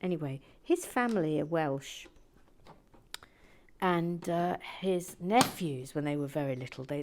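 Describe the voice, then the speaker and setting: A woman hosting a relaxed brick-building video, soft-spoken and playful with dry asides that drift into whispers. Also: low voice. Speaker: host building toy brick sets.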